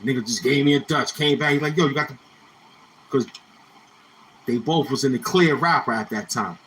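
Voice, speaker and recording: A man's voice: medium pitch, moderate pace, a bit bright, a little hiss or hum, poor audio. A man telling rambling, slang-heavy stories from his youth in a casual monologue, repeating phrases as he reminisces. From Brownsville, Brooklyn, New York. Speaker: YouTuber.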